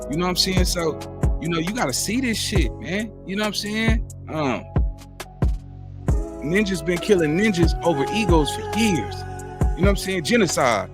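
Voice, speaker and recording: A man hosts a casual reaction commentary in loose street slang, constantly saying "you know what I'm saying." His delivery is preachy and rambling, drifting from high to low pitch.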